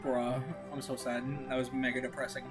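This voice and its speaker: A woman streamer chatting casually while gaming, excitable, laughing often and swinging between moping and yelling. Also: rumbling low, fairly quick, over music.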